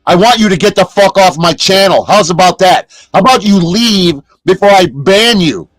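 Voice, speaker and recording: A man livestreaming from inside a motorhome, ranting at his chat in a profane, aggressive way and shouting at chatters. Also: sits high, normal speed, no room sound. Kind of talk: angry livestream rant.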